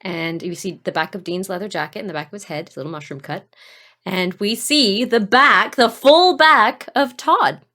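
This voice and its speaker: A woman co-hosting a podcast, chatting casually about a TV episode with expressive, giggly reactions. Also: mid-range voice, normal speed. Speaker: podcast co-host. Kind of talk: casual chat recapping a TV episode.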